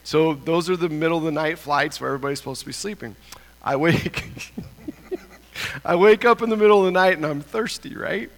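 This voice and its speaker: A man tells a funny, self-mocking story to a congregation, with lively energy. His voice sits a bit high and rises further as he gets excited. A long reverb from a large hall trails each phrase. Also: normal speed. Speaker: church speaker. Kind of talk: animated storytelling talk.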